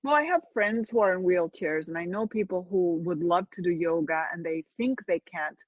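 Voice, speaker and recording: A woman's voice: fairly low pitch, moderate pace, dry recording, lo-fi sound. A woman in her fifties from Spain with a Spanish accent, talking earnestly as an interview guest and often restarting her sentences. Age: 50s. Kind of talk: casual interview chat.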